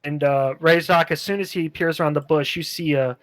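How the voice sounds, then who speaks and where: A man runs a tabletop game, narrating in a relaxed, rambling way and filling pauses with "uh" and "um". His voice sits a little high, and the sound is dry and close. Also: no room sound, poor audio. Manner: relaxed, rambling, many fillers. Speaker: game master.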